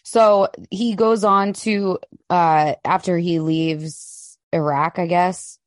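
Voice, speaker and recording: A woman's voice: on the low side, fairly even intonation, slow pace, no room sound, studio quality. A young adult woman co-hosting a casual podcast chat, blunt and indignant, swearing freely. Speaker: podcast co-host.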